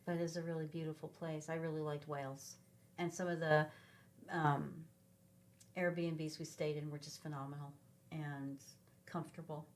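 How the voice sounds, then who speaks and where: A middle-aged woman from Sacramento, a podcast guest, telling rambling, animated travel stories in a casual chat with lots of ums. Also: deep voice, normal speed. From Sacramento, California. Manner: rambling, animated travel anecdotes with many fillers. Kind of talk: casual conversational storytelling.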